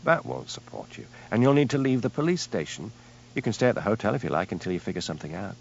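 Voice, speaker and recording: A man voicing a brisk, teasing, practical young woman, on a dull lo-fi recording. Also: lowish voice, big pitch swings, gravelly, darkish tone, a little hiss or hum.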